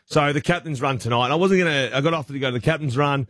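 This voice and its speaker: An Australian man hosting a breakfast radio show, telling rambling, chatty anecdotes with quick restarts. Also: a little high, fairly bright tone, no echo, studio quality. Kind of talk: casual radio banter, storytelling. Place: radio studio.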